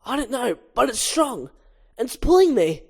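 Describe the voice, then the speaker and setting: A woman's voice: on the high side, very animated, moderate pace, creaky, slightly rough, pitched above the performer's own voice, exaggerated voice. A woman playing an urgent, earnest male bee. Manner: urgent, bossy encouragement. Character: earnest young male bee trying to land a plane.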